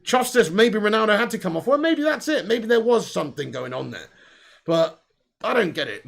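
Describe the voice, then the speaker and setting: A man's voice: sits high, sing-song, normal speed, gravelly, fairly bright tone. A young man hosting a live football watch-along, reading viewer comments aloud and answering them bluntly, with plenty of swearing.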